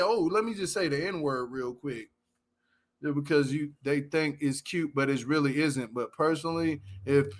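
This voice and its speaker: With a sharp voice on the high side, a man hosts a casual commentary show, ranting bluntly, swearing a lot, and speaking directly to his audience of viewers.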